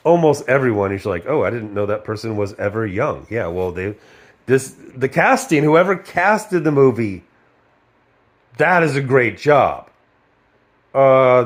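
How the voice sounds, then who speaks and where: A middle-aged man talks casually into his video, profane and sarcastic. His voice sits at an ordinary middle pitch, and he keeps breaking into mocking little impressions of others. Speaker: video host reviewing a film. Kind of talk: casual ranting commentary.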